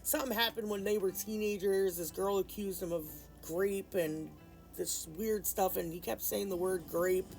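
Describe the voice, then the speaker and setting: Creaky-voiced woman telling a rambling story. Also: mid-range voice, steady tone, normal speed, a little mellow, faint music behind, rough recording. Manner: rambling, frequent fillers and restarts; subdued and grieving in later part. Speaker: nail art vlogger. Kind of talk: casual storytelling.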